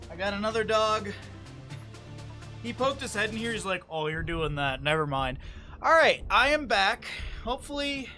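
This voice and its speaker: Bright-voiced chatty male esports caster. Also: sits high. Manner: chatty, rambling, often apologizing. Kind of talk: live stream game commentary.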